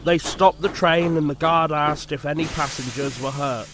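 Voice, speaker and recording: A man narrating a children's storybook in a slow, expressive, measured way. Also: fairly high pitch, background noise. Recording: music playing under the voice.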